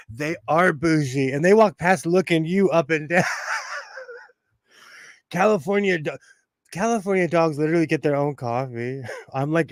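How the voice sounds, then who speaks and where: A man from Los Angeles hosting a sewing livestream, chatting casually with frequent laughter and animated storytelling. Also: on the high side, unhurried, long pauses, no echo. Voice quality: bald. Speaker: livestream host. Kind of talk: casual chat while sewing.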